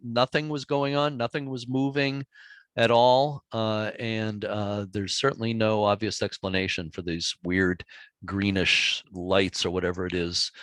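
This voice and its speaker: A man giving a relaxed, chatty talk to a library audience, telling ghost stories over slides and audio clips with easy chuckles. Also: lowish voice, dry recording. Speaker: author giving a library presentation.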